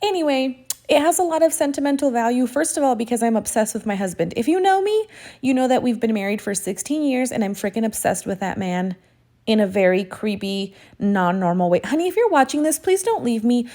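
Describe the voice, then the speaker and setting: Brief: woman in her thirties, vlogging a craft how-to, slightly high mellow voice, gushy and emotional, swears freely. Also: expressive, a little fast. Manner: gushing and effusive, swears casually; sentimental and emotional. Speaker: crafting tutorial host. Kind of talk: casual chatty tutorial talk.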